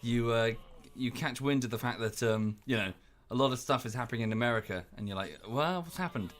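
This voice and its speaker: A British man chatting casually while he streams a game, rambling with lots of fillers and jumping into high, exaggerated voices when he quotes people. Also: steady tone, a little fast. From United Kingdom.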